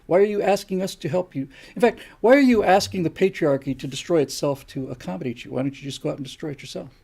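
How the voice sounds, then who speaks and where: On his live stream, an older man delivers an opinion monologue, lecturing and firing off rhetorical question after rhetorical question. His voice is gravelly, husky, and dark, a little high in pitch, and he speaks quickly.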